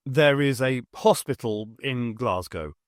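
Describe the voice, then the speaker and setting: A man voicing a guarded country doctor in an audiobook, measured and cautious. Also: medium pitch, expressive, no room sound, studio quality.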